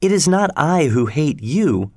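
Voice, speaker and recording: In an audiobook reading, a man voices a spirited, sweet-natured young woman, pitching his voice above his own natural register. The delivery is very animated and earnest, slightly high and at a normal speed. The recording is dry and of studio quality.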